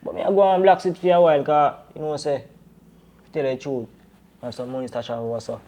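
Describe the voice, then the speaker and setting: A man's voice: medium pitch, steady tone, quick pace, warm tone, lightly acted. A man with a Jamaican accent playing a deported man back home with his brother, talking in a rambling, defensive way full of "you know". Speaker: actor in a crime drama. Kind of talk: Jamaican Patois film dialogue.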